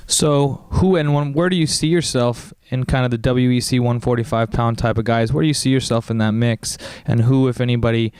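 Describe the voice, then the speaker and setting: Male interviewer, even middle pitch, polished tone. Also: a little fast, hardly any pauses, smooth, no echo. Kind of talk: interview questions. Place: fight gym.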